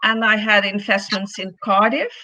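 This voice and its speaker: A woman from the Netherlands calling in as a guest, talking in a hesitant, halting way with many fillers. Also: medium pitch, steady tone, sharp tone, low-quality recording. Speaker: guest caller. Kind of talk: casual chat.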